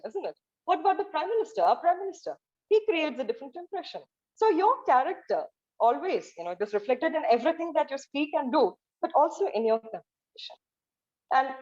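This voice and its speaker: A woman's voice: high-pitched, a little mellow, dull audio. A woman giving a motivational speech as a guest speaker, earnest, with rhetorical questions and frequent "you know" fillers.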